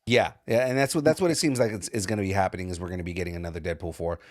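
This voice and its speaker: A man's voice: low-pitched, rapid-fire. A man co-hosting a geek culture podcast, chatting casually and hesitantly with many restarts. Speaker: podcast co-host. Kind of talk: casual chat.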